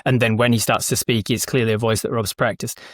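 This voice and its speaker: Brief: a male dungeon master guest, rapid animated chatter, dry close-miked sound. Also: medium pitch, no room sound. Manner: animated, quick and self-correcting. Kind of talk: casual conversation.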